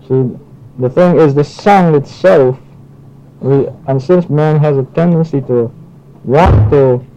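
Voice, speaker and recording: A man lectures on spiritual matters in a loose, halting way, circling back with restarts and fillers. His voice is dark and mellow. The recording is dull and lo-fi, with a faint hiss underneath. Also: mid-range voice. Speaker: spiritual teacher. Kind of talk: informal lecture with audience questions.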